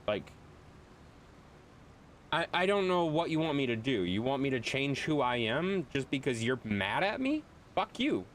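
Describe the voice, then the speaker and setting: A man's voice: medium pitch, sing-song, moderate pace, pauses often, a bit bright, slight background noise. A young man streaming a game, ranting bluntly and profanely to his chat. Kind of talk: casual live-stream chat while gaming.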